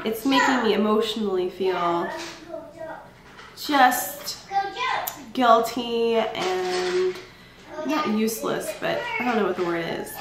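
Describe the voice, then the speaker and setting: Tired young woman vlogging at home, slightly high voice, lots of ums, echoey room. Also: very noisy. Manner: chatty and candid, with frequent ums and laughs. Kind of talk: casual pregnancy vlog.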